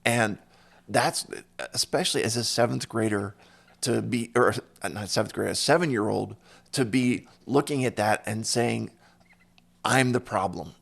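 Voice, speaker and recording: A man's voice: lowish voice, measured pace, gravelly. A man hosting a podcast conversation, telling stories from his own life and acting out other people's lines. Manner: tells stories with lively quoted voices. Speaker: podcast host. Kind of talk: casual conversation.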